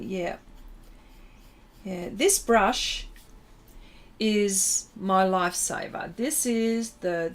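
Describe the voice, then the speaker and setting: A woman teaching a livestream painting demonstration, chatting with viewers as she works and pausing often to find her words. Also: mid-range voice. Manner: chatty, reads and answers viewer comments while working; halting, many fillers and restarts. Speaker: art instructor.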